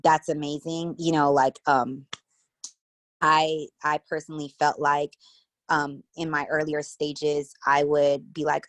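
A woman's voice: low voice, flat delivery, slow, a bit bright, dry recording. A woman in her thirties with an American accent, chatting casually as an interview guest, full of fillers. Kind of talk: casual conversation.

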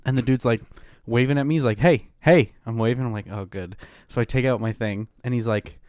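A man's voice: mid-range voice, fairly even intonation, fast, a little mellow, smooth, dry recording, studio quality. A young man casually telling a story to a friend, swearing freely, laughing often and acting out both sides. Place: indoor room.

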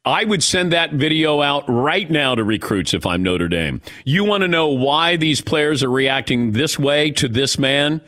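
A man's voice: fairly high pitch, expressive, measured pace, few pauses, a bit bright, dry recording, studio quality. A man hosting a sports talk radio show, bantering playfully with his crew.

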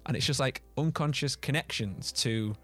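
A man's voice: medium pitch, normal speed, a bit bright, soft background music. A man co-hosting a podcast, chatting casually in an enthusiastic, rambling way. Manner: enthusiastic, rambling, with frequent restarts. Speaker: podcast co-host. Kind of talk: casual chat.

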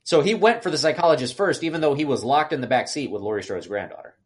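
A man's voice: medium pitch, lively intonation, quick pace. A man co-hosting a casual podcast who picks apart a film's plot and acts out scenes in raised voices. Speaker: podcast co-host. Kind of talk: casual movie review chat.

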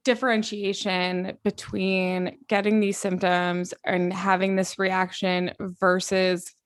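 Young woman, casual podcast chat, mid pitch, dry close sound, repeats words as she thinks. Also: no room sound. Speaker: podcast co-host.

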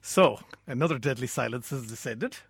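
A man hosting a quiz, reading out questions clearly with chatty asides. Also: mid-range voice, normal speed, dry recording. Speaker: quizmaster.

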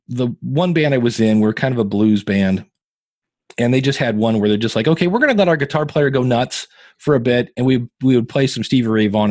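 A man's voice: mid-range voice, dry recording. Chatty man in his fifties, dry sound. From Northeast Ohio. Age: 50s. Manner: chatty storyteller, animated quoting of others. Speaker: podcaster and guitarist guest. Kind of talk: casual interview chat.

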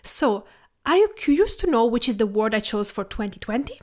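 A woman from Tuscany with an Italian accent, hosting her podcast in a gentle, reflective scripted narration. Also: on the high side, very animated, moderate pace. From Tuscany, Italy. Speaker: podcast host.

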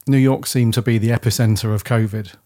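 A man co-hosting a podcast, laid-back and quick to laugh. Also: lowish voice, fairly even intonation, warm tone. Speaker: podcast co-host. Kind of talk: casual chat.

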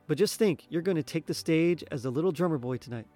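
A man voicing a chatty schoolboy who teases his friend in a lively way. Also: a little high, fast talker, voice pushed up, natural voice. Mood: teasing. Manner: teasing, lively.

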